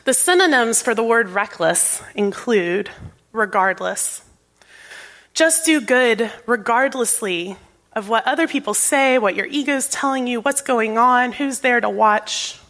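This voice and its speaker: A woman's voice: a little high, unhurried, fairly bright tone. A woman minister giving a sermon in a church, with an earnest manner, rhetorical questions and a repeating cadence. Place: church sanctuary.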